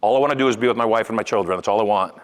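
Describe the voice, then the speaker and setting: Before a live audience in a big event hall, an older hypnotist and motivational speaker delivers a seminar in a racing yet smooth voice. He's animated and punchy, alternating loud emphasis with quiet asides.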